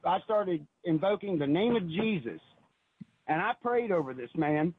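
A man's voice: high-pitched, animated, measured pace, slight background noise. A man calling in to a radio show, telling an earnest, emotional personal story and often repeating himself, heard over a phone line. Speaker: caller. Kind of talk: call-in radio testimony.

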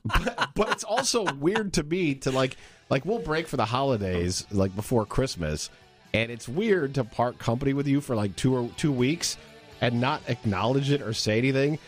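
Playful, teasing male co-host, lively pitch. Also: normal speed, soft background music. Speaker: radio co-host. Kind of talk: casual on-air banter.

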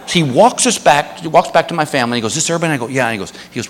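A man's voice: mid-range voice, very fast, in a large hall, slight background noise. A man doing stand-up storytelling on stage, acting out the voices of the people in his story. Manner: animated, acts out dialogue in shifting voices. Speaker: stand-up comedian. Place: comedy stage with live audience.

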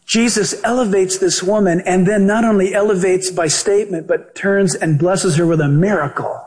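A male pastor and Bible teacher preaching a sermon in an animated, joking way, acting out the voices he quotes. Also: high-pitched, moderate pace, few pauses.

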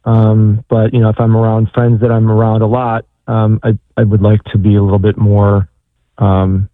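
Man caller, hesitant, halting restarts, flat tone, tinny phone line. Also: lowish voice, no echo. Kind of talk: casual call-in question.

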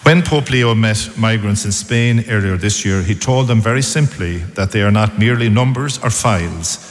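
Priest giving a slow careful sermon, lowish voice, long church echo. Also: male voice. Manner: measured, deliberate preaching with pauses.

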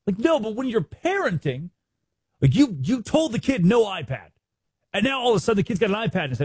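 A man's voice: sits high, big pitch swings, brisk, a little mellow, slightly rough, no room sound. A man hosting a sports show, giving emphatic, sarcastic commentary and acting out quotes.

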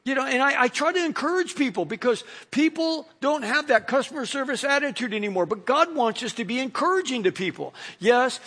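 A man's voice: very high voice, a bit bright. A middle-aged man, a pastor, preaching a sermon in a conversational way, full of "you know" fillers. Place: church in Los Angeles.

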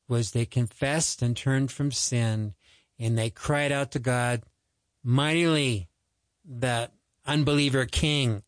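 A man's voice: medium pitch, dry recording. A man giving an earnest, exhorting radio sermon that rises to urgent pleading. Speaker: ministry host.

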